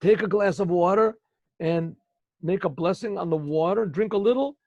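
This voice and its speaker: A man's voice: high voice, normal speed, darkish tone, no echo, muffled recording. A man doing a poor woman's tearful pleading voice. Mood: pleading grateful.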